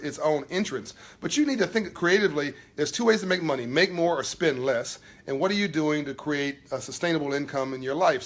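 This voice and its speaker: A man hosting a spontaneous live video talk from his new office. He preaches about money and acts out voices as he tells a story. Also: a little high. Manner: animated storytelling with acted-out voices, emphatic and preachy. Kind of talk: spontaneous motivational talk to viewers.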